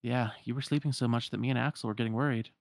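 A man's voice: mid-range voice, fairly even intonation, racing, gravelly, a little mellow, no room sound, clean studio sound, natural voice. A man doing an earnest teenage boy. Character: earnest teenage boy, caring and easily startled.

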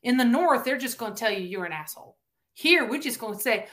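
Her voice is on the high side and fairly quick. As a guest in a casual podcast interview, this Southern-accented Tennessee woman tells stories animatedly and acts out each quote.

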